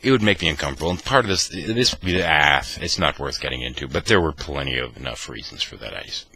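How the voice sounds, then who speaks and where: An extremely deep-voiced man tells a wry personal story with mock-dramatic flair. His gravelly, husky voice has a bright, forceful edge, and his pitch swings widely as he acts out the scene. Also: animated, fast talker. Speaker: vlogger. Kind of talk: anecdotal storytelling.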